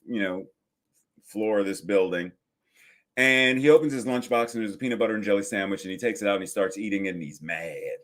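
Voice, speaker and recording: A man in his fifties preaches a sermon at a very unhurried pace, leaning on pauses and repeated words. His voice sits at a middling pitch, and he sounds steady and deliberate. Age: 50s. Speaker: senior minister.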